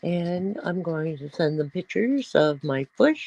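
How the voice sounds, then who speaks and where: Slow-talking woman livestream host. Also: big pitch swings, gravelly, darkish tone, lo-fi sound. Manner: chatty, rambling, coos at her pets in a high voice. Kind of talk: casual livestream chat.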